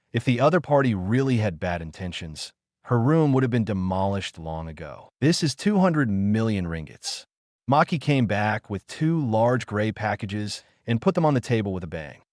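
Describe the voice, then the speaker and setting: A man's voice: lowish voice, dry recording, clean studio sound. A man narrating an audiobook of a translated novel in a plain reading manner.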